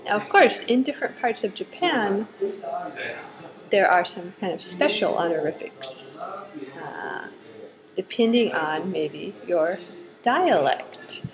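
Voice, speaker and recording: A woman English teacher summing up a group lesson, speaking slowly and clearly and spelling out words for learners. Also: medium pitch, expressive, low-quality recording. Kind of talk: recorded lesson summary.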